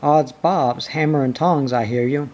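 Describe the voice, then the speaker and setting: A man's voice: on the high side, a little slow, a little mellow, close to an everyday voice. A man reading aloud as a cocky, boastful storybook boy who crows and plays games. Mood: mocking. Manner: crowing, playful.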